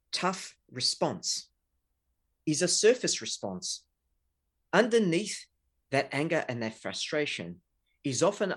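With a husky, slightly bright voice on the high side, a middle-aged relationship researcher explains couple conflict in an interview. He is earnest and illustrates his points with examples.

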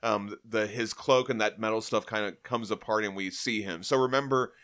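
Casting note: animated male podcast host, bright tone, casual comic recap. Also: fairly low pitch, normal speed. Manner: animated, acts out quotes.

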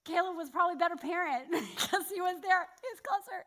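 Woman preacher, high pitch, bright, candid storytelling, self-deprecating, church sermon. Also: quick pace. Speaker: church speaker.

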